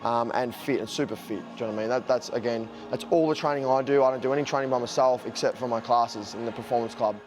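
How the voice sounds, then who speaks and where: A man's voice: mid-range voice, fast, few pauses, low-quality recording. An Australian man who coaches and owns a gym, chatting casually between workouts and calling out counts to his team. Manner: relaxed and chatty, full of fillers, calls out counts loudly during drills. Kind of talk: casual vlog talk and coaching a group. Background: loud hip hop music.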